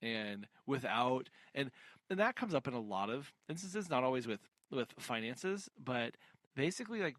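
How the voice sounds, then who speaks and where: Male podcast co-host, lively pitch, eager explainer, dry sound. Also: normal speed, no room sound. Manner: enthusiastic, explains his points at length. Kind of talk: casual book discussion.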